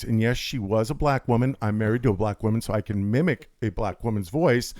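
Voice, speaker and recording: High-energy talkative man, dry sound. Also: brisk, darkish tone, dry recording. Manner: high-energy, talkative, jokey, does voices for quotes. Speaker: podcast guest. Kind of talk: rambling storytelling chat.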